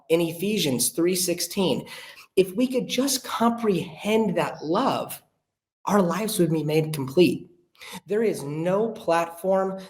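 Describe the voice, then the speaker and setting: A young man, a podcast guest, telling a story in an earnest, animated way and acting out the voices of the people he quotes. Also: on the high side. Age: young adult. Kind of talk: casual storytelling chat. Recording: roomy echo.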